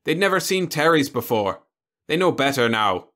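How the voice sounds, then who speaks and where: A man's voice: medium pitch, sing-song, moderate pace, sharp tone, pitched above the performer's own voice. A man voicing a blunt, tough frontier farmer. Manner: blunt, matter-of-fact. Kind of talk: audiobook character voice.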